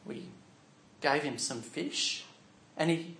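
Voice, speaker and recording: Man, higher voice, slow first-person dramatic monologue, hushed to loud, echoey room. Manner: expressive storytelling, shifting from hushed to loud. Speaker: preacher telling a Bible story.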